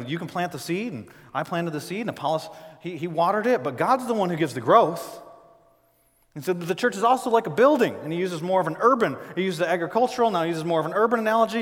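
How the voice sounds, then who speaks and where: A fairly high-voiced man from the northern US preaches to a congregation, animated and playful, jumping between soft asides and loud bursts. His voice rings with a long hall reverb, like a big church sanctuary. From northern United States. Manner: animated preaching with big swings in pitch and loudness, joking asides. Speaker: pastor. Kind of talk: sermon.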